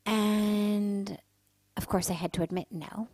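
A woman's voice: medium pitch, fairly even intonation, takes it slowly, darkish tone, dry recording, low-quality recording. A woman hosting a spiritual talk show on the radio. She tells a personal story earnestly and with strong feeling.

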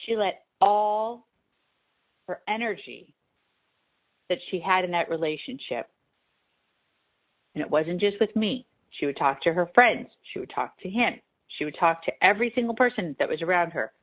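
A woman's voice: on the low side, animated, normal speed, pauses often. A woman host and spiritual advisor giving an emphatic, repetitive radio talk monologue. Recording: tinny phone-like sound.

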